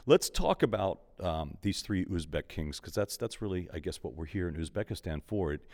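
A man's voice: low voice, lively intonation, moderate pace, darkish tone, long reverb tail. A male interview host who talks in a casual, conversational way with a few fillers.

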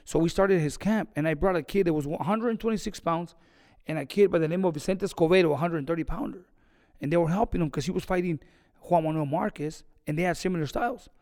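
A boxing trainer telling a story in an interview, animated and acting out the conversations he recalls. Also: fairly high pitch, fast talker, big-room sound.

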